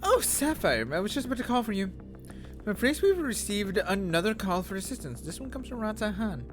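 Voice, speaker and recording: A man's voice: high-pitched, big pitch swings, a little fast, faint music behind, pitched above the performer's own voice. A man reading a small, cheerful female character's game dialogue aloud in a raised, formal voice. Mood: urgent.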